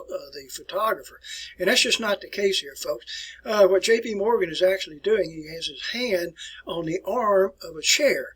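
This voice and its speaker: Husky folksy man teaching history. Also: sits high, fairly bright tone, poor audio. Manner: folksy, rambling, many fillers and asides. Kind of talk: recorded online lecture. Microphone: document camera with built-in mic.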